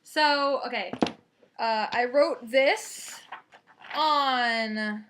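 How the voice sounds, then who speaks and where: A teenage girl telling a rambling story to her camera, energetic and often breaking off mid-thought. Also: fairly high pitch, very slow, background noise. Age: teens. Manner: energetic, rambling, self-interrupting. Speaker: vlogger. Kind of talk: casual storytelling monologue.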